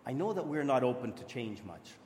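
A man's voice: mid-range voice, big pitch swings, a little fast, darkish tone, a little hiss or hum. A man preaching a sermon in a church, earnest and conversational, often restarting his sentences. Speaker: pastor. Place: church hall. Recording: echoey hall with long reverb.

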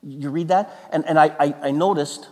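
A man preaching a sermon as a pastor, animated and emphatic, stumbling into restarts and breaking into sudden loud exclamations. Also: a little high, normal speed. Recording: long reverb of a large hall.

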